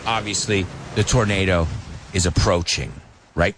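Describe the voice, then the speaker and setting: A man hosting a live English lesson in a playful, animated way, drilling words aloud and mixing in Spanish. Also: lowish voice, normal speed, a little hiss or hum. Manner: mixes Spanish into his English. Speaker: host of an English pronunciation show.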